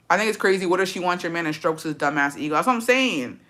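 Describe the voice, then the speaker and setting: A young woman with a bright, forward voice talks casually to her livestream audience. She is blunt and profane, swears freely, and runs her sentences together in a loose, chatty rhythm. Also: lowish voice, lively intonation, normal speed. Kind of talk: casual chat answering viewer comments.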